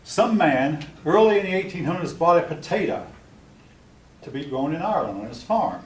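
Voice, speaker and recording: A man's voice: mid-range voice, a little mellow, slight background noise. Older man giving a blunt history lecture. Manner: blunt, opinionated asides to the class. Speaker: history teacher. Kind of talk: classroom lecture. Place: classroom. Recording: roomy classroom recorded from a distance.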